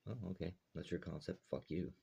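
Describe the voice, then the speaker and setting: A man's voice: deep voice, a little fast, gravelly, heavy background noise. A man from Alberta ranting bluntly and heatedly to camera, swearing often. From Alberta, Canada. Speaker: vlogger. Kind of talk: angry rant to camera.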